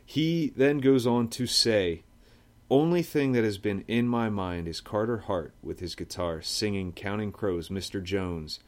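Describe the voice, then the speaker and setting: A man hosting a casual sports podcast, joking around with lots of fillers and laughter. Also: on the low side. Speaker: podcast host.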